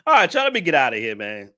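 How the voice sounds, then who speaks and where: A man's voice: a little high, bright, forceful tone. A man hosting a live stream, laughing as he roasts a viewer in loose, slangy casual talk. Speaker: live-stream show host.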